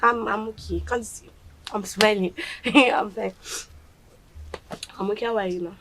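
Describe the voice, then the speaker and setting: A woman's voice: medium pitch, unhurried, crowd noise, close to an everyday voice. An actress with a Nigerian accent playing a mother anxiously checking on her daughter, repeating herself insistently.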